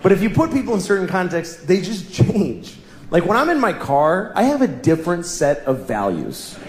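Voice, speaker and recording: A man's voice: high-pitched, big pitch swings, normal speed. A middle-aged man doing a stand-up comedy set, telling rambling, self-deprecating stories on a live stage. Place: live stage before an audience. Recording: roomy live venue with crowd noise.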